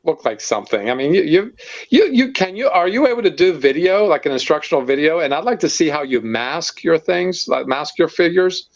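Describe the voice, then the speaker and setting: Halting man hosting a hobby call. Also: a little high, animated, muffled recording. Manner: halting, many fillers, laughs easily. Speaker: host of a modeling hangout. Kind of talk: casual video-call chat. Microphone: video call.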